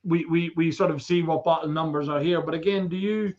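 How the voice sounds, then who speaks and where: A man's voice: a little high, steady tone, fairly quick, a little mellow, muffled recording. A man with an Irish accent hosting a charity auction livestream, joking and teasing his guest while reading out viewer comments. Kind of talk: casual livestream banter.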